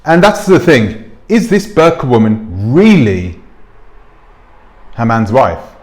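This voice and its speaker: A man's voice: mid-range voice, big pitch swings, slow pace, a little mellow. A man hosting his own commentary channel, talking casually to camera on a clip-on mic, rambling and asking his viewers rhetorical questions. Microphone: clip-on microphone.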